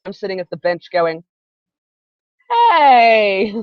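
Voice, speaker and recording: A woman's voice: on the low side, unhurried, no room sound. Chatty lady rambling through a story on a live stream, dull dry sound. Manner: chatty, rambling storyteller who breaks off for asides. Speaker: host. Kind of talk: casual storytelling on a live broadcast.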